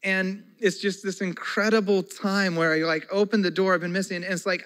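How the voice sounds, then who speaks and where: A man's voice: high-pitched, steady tone, fairly quick, few pauses, a bit bright. A man in his forties preaching a sermon as pastor, earnest and conversational, with folksy asides.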